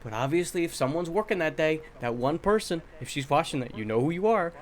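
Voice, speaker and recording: A young man co-hosting a podcast in casual chat, telling workplace stories in a blunt, profane, animated way. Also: on the high side, quick pace. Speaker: podcast co-host.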